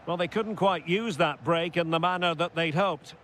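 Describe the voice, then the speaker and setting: A man's voice: on the high side, moderate pace, a bit bright, slight background noise, close to an everyday voice. A man voicing a football play-by-play commentator in a video game, calling the action in short bursts that rise sharply at chances and goals. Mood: lively.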